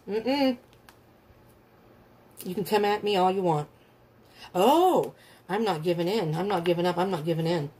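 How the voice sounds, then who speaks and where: A woman reads tarot in a loose, unscripted way, blunt and animated, her voice husky and slightly breathy at a middling pitch. She laughs often and slips into voices for the people she talks about. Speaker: tarot reader. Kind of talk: casual tarot reading.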